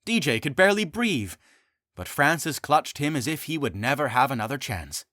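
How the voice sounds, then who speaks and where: A man narrating his own fantasy comedy audiobook in an expressive, animated way. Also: medium pitch, moderate pace, no room sound, clean studio sound.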